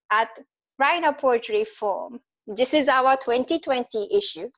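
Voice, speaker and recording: A woman poet with a Japanese accent reading her poems aloud, measured and a little self-deprecating. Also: sits high, a bit bright, dull audio, soft background music. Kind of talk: poetry reading.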